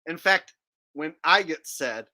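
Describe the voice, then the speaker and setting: A man's voice: on the high side, expressive, slow, bright, forceful tone. A man chatting casually as a comedian, boastful and laughing at his own jokes.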